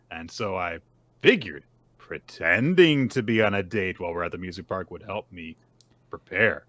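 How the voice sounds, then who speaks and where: Low-voiced man retelling a story. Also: lively intonation, normal speed, a bit bright, no room sound. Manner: retells scenes, acting out lines. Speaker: podcast co-host. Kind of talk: casual manga recap chat.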